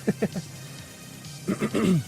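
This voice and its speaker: A man hosting a casual live stream, chatting in a rambling, friendly way, reading viewer comments aloud and often clearing his throat. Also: drawn-out words, darkish tone, soft background music, poor audio.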